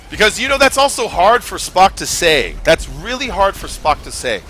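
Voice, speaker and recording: Gamer guy streaming, bright lively voice, rambly and sweary, music underneath. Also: high-pitched, moderate pace, few pauses. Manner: rambling, swears, many fillers and restarts. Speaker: gaming streamer. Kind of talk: casual live-stream chat while gaming.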